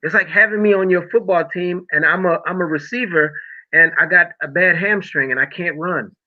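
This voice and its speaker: The tinny, phone-quality recording captures a middle-aged man with a high voice and moderate pace. As a podcast guest, he tells his personal faith and healing story in an emotional, preacher-like manner.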